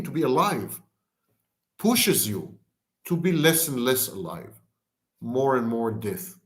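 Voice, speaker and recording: Man lecturing in rhythmic lists. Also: a little high. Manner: lists words in long rhythmic strings. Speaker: lecturer on narcissism. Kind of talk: explanatory lecture.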